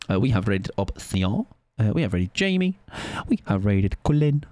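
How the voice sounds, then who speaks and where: A young man chats loosely to his viewers at the end of a stream, rambling and poking fun at himself. His pitch swings widely as he lapses into sing-song goodnights. The sound is close and dry, with no room echo. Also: sing-song, normal speed, darkish tone. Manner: rambling, self-mocking, sing-song sign-offs. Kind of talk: casual end-of-stream chat.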